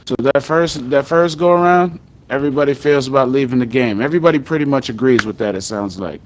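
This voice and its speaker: A man in a casual group voice chat, calmly laying out his view and steering the discussion. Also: medium pitch, fast talker, highs cut off, slight background noise. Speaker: roleplay crime group member.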